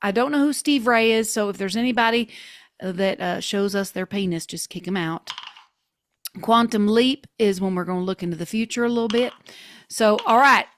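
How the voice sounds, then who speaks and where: A woman's voice: medium pitch, normal speed, slight background noise. A woman hosting an online creativity workshop over a video call, talking in an enthusiastic, playful way. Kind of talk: playful online group session.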